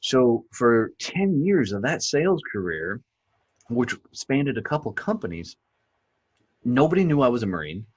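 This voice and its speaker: Lo-fi audio captures a middle-aged rural American man telling stories as a podcast guest, cursing freely, speaking bluntly and tossing in "right?" to check in. His medium-pitched voice swings widely in pitch, unhurried and slightly rough.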